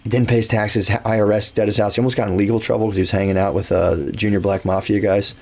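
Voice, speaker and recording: A man's voice: fairly low pitch, little pitch movement, fast, darkish tone. A man co-hosting a podcast, telling stories in a rambling, casual way with lots of swearing and filler words. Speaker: podcast co-host. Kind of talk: casual conversational storytelling.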